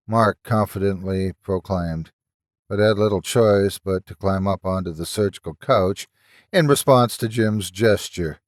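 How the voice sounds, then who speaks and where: A man narrating a scripted horror story in a measured, expressive way. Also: fairly low pitch, dry recording, clean studio sound.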